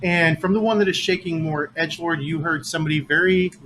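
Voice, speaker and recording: Bright-voiced male game master. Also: on the high side, fairly even intonation, quick pace, slight background noise, rough recording. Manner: matter-of-fact, describes scenes and rules. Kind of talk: running a tabletop game at a dinner table. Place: home dinner table.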